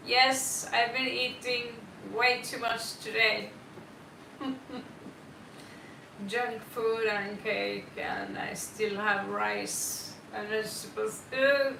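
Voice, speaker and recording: Slow-talking woman, bright, roomy sound. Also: a little high, fairly even intonation, gravelly, distant mic, slight background noise. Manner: chatty, greets viewers by name, rambling. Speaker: tarot reader hosting a live stream. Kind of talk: casual live-stream chat. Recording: roomy, set back from the mic.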